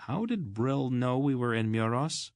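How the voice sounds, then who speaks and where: An earnest teenage boy, voiced by a man reading an audiobook, speaks with eager urgency. His voice sits a little higher than the narration and blurts things out. The read is dry and close. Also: animated, a little slow, dry recording.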